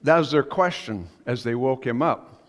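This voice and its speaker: A man's voice: mid-range voice, moderate pace. A man preaching a sermon as pastor, telling a story in a conversational, musing way. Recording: long reverb of a church hall.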